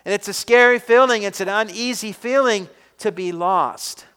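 A man preaching a sermon with a high, bright voice. He keeps his tone clear and smooth. He presses his points with emphatic, questioning delivery. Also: moderate pace, big-room sound. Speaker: pastor.

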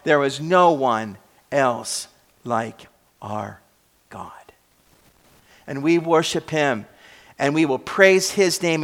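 A male pastor preaching a sermon, building up on repeated words and then dropping to a quiet close, with occasional restarts. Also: a little high. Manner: occasional restarts and self-corrections.

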